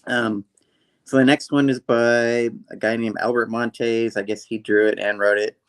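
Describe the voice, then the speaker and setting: A man's voice: medium pitch, little pitch movement, measured pace, clean tone. A man co-hosting a casual comic book review, retelling the story animatedly and laughing often. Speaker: co-host.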